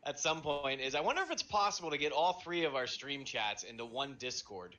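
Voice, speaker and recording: A man's voice: mid-range voice, big pitch swings, brisk, sharp tone. A man co-hosting a gaming podcast, talking casually in an easygoing way and laughing often. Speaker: podcast co-host and streamer. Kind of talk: casual chat.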